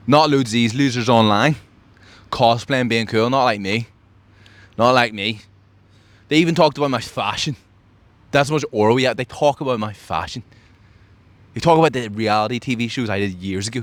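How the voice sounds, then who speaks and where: A man's voice: mid-range voice, moderate pace, pauses often, fairly bright tone, dry recording. A man hosting a podcast, talking in a boastful, brash, mock-grandiose comedic monologue. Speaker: podcast host.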